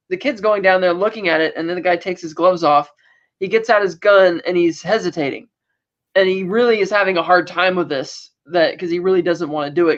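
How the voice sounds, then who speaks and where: A woman's voice: on the low side, dull audio. A woman co-hosting a podcast, casually recapping episodes in a rambling way and acting out quotes. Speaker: podcast co-host.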